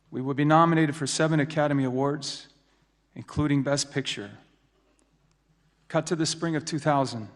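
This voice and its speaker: A man at a large gathering gives a personal faith testimony in a mid-range voice, drawing out words to land his points. His voice rings with the long reverb of a big hall. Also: mid-range voice. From United States. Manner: storytelling, slows down for emphasis. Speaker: speaker giving a testimony.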